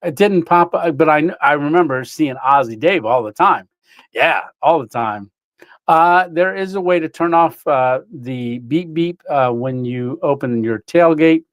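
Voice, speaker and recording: Livestream host, male, rambling and good-humored, slightly higher voice, dry mic. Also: normal speed, no echo. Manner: rambling storyteller, frequent fillers and laughs. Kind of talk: casual livestream chat with viewers.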